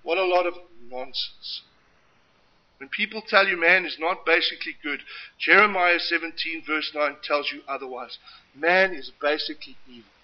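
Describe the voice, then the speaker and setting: A man delivers a sermon in a high, piercingly bright voice, building to loud emphatic peaks and dropping to hushed asides. The recording sounds dull and lo-fi. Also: normal speed. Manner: impassioned, emphatic preaching with dramatic swings in loudness. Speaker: preacher.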